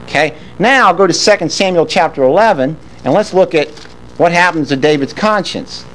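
A man preaching a sermon, reading a Bible passage and retelling it with animated asides, acting out the characters' lines. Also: moderate pace, slight background noise, rough recording. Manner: animated, with sharp swings in pitch for emphasis.

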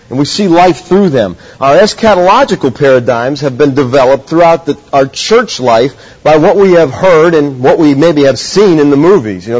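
A man's voice: medium pitch, a little mellow, slightly rough. Earnest preacher man, lo-fi recording. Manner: earnest, teacherly, asks the audience questions. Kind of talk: sermon. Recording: dull lo-fi sound.

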